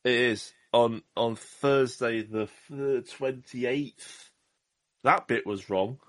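A man's voice: mid-range voice, slow pace, fairly bright tone, no room sound. A man hosting a podcast in casual chat, rambling and self-deprecating with jokes. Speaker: podcast host.

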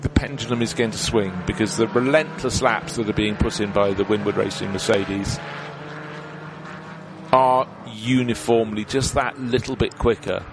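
A man's voice: on the low side, moderate pace, background noise. A man commentating on a motor race, explaining strategy in detail with a chatty manner.

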